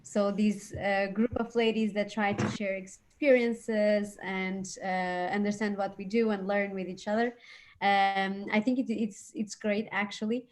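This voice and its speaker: A woman's voice: medium pitch, flat delivery, a little slow, darkish tone. A woman hosting a live webinar over a video call, speaking with frequent hesitations and fillers. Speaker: webinar host.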